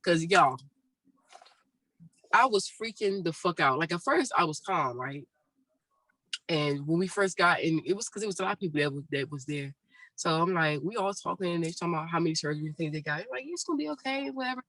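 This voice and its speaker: Casting note: woman co-host, bright and dry-sounding, animated and profane in casual chat. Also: low-pitched, brisk, no echo, poor audio. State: sore throat after surgery. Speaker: podcast co-host.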